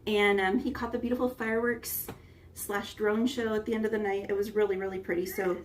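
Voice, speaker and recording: A woman's voice: medium pitch, flat delivery, brisk, far from the mic, a little hiss or hum. A woman hosting a casual cooking livestream, chatting with her viewers and greeting them one by one by name. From United States. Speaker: livestream host. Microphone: phone front camera.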